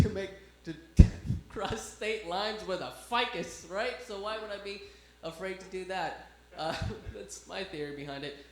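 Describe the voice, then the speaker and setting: A man doing stand-up comedy, telling a story and acting out the other people's lines in animated bursts. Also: a little high. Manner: animated, acts out voices of cops in anecdotes. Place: comedy club stage. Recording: echoey club room with faint hum.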